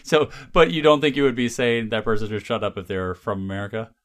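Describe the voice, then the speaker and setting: A man's voice: medium pitch, fairly even intonation, fast talker, no echo. A man in casual conversation, easygoing and rambling, laughing often as he talks. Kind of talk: casual chat.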